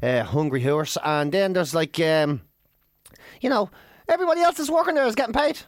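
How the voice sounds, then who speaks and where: A man's voice: high voice, a little fast, no echo, clean studio sound. A middle-aged man, a comedian co-hosting a podcast, who tells stories with plenty of swearing and jokes at his own expense. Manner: swearing, animated storytelling, self-deprecating. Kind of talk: casual chat.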